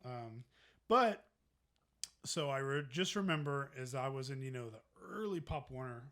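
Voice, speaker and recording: Halting, easygoing podcast co-host. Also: male voice, medium pitch. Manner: relaxed, halting with many fillers. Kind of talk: casual storytelling chat.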